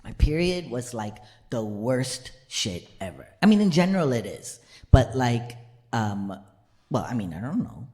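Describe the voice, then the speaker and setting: A man's voice: mid-range voice, big pitch swings, a little slow, warm tone. A man performing storytelling stand-up comedy on stage, acting out quoted voices and laughing often. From United States.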